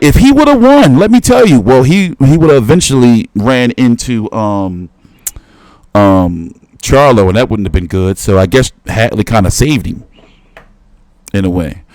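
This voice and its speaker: A man's voice: mid-range voice, darkish tone, dry recording. A man hosting a boxing talk stream, swearing a lot and rambling as he reacts to clips and talks back to his viewers. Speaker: boxing commentary host. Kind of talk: casual reaction commentary.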